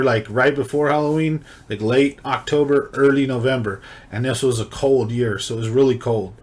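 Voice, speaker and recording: A man, telling a personal story in a loose, rambling way, full of slang and swearing. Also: medium pitch. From California. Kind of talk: casual storytelling.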